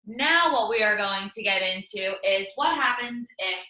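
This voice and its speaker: A woman's voice: on the high side, normal speed, hardly any pauses, sharp tone, reverberant, distant mic, low-quality recording. A woman teaching an English class, explaining patiently and reassuringly step by step. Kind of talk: online class lesson.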